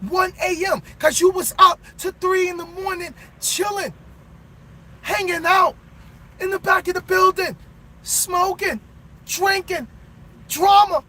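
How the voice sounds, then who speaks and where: A male truck driver giving a motivational pep talk in a preachy way, bursting into shouts, recorded in his truck cab. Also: very high voice, steady tone, slow pace, pauses often, slight background noise.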